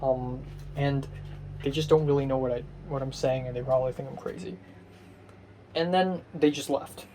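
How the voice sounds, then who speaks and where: A man's voice: mid-range voice, steady tone, normal speed, pauses often, mellow, a little hiss or hum. A young man rambling through a casual personal vlog monologue, self-mocking, with many fillers and restarts. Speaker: vlogger.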